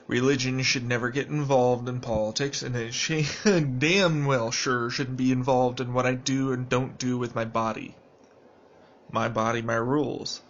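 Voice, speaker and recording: A man recording a video journal, lecturing bluntly and with plenty of profanity. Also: mid-range voice. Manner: calmer, quieter, still blunt. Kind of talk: angry video journal rant. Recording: dull lo-fi sound with faint noise.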